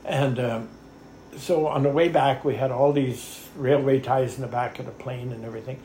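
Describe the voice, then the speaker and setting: A man's voice: medium pitch, steady tone, moderate pace, warm tone. An older man tells a long rambling story in an interview, often saying "anyhow" and chuckling along the way. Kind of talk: oral history storytelling. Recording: echoey room with faint ambient noise.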